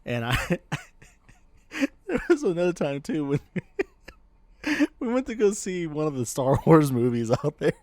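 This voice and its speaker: A man's voice: on the high side, big pitch swings, unhurried, long pauses, darkish tone, no echo. A man co-hosting a podcast, telling stories in casual chat, rambling with frequent laughter and restarts. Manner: rambling storyteller, laughs often, many restarts. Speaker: podcast co-host.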